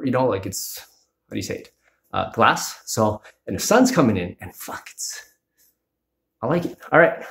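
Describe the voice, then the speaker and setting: A man in his forties giving a casual workout demonstration at home, talking loosely with many fillers and asking "right?" often. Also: medium pitch. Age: 40s. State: out of breath at times. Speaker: fitness vlogger. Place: apartment near a balcony door.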